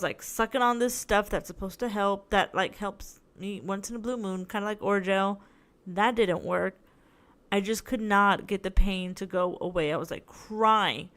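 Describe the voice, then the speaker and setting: Young female podcast host, casual rambling storyteller, smooth clear tone, tired and sore. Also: medium pitch, normal speed, a bit bright. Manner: rambling, chatty storytelling with many "like"s. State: tired, in tooth pain. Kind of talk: casual solo podcast chat.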